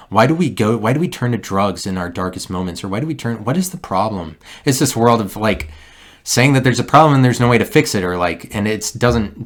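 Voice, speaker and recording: A man hosting a solo podcast, talking in a meandering, halting way with many restarts and a wry, self-mocking streak. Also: lowish voice. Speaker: podcast host. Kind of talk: rambling solo podcast monologue.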